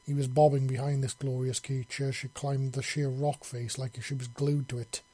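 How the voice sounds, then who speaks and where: A man narrating an audiobook story in a steady storytelling manner. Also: medium pitch, normal speed, breathy edge, dry recording.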